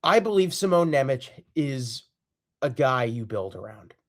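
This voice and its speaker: A man's voice: medium pitch, big pitch swings, a little slow. A man hosting a solo sports podcast, ranting in an exasperated, repetitive and emphatic way. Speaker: podcast host.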